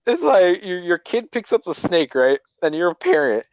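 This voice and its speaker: A man's voice: high voice, very animated, moderate pace, no echo, highs cut off. A young man co-hosting a podcast, telling stories with energy, repeating himself and laughing. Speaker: podcast co-host. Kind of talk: casual storytelling chat.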